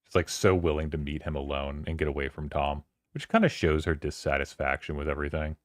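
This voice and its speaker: A man with an extremely deep, low voice chats casually on his stream, recapping a novel's scenes. He rambles with plenty of "like" and "um". The sound is close and dry. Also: fairly even intonation, dry recording. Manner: rambling, filler-heavy, quoting characters in quick voices. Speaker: streamer hosting a book club.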